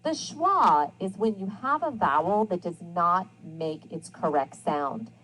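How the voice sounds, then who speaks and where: A woman's voice: on the low side, animated, slow pace, fairly bright tone, a little hiss or hum, low-quality recording. A woman teaching a recorded grammar lesson, enunciating sounds and words with care and reading example sentences aloud with emphasis.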